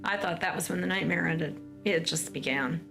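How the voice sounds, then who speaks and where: A woman's voice: fairly low pitch, moderate pace, creaky, over music. American woman recounting an ordeal. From United States. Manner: storytelling, acts out quoted lines of others. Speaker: interviewee. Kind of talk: documentary interview, recounting a personal ordeal.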